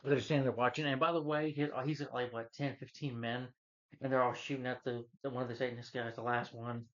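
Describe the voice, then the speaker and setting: A man's voice: medium pitch, little pitch movement, fast talker, dull audio. Rambling man ranting through a movie review. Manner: rambling, casual and profane, with many fillers. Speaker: film reviewer.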